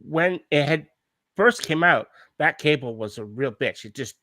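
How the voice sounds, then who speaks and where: A man with an Australian accent, co-hosting a live stream, telling a story in a swearing, animated, casual way. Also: on the high side, measured pace, dry recording. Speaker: podcast co-host. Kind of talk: casual chat.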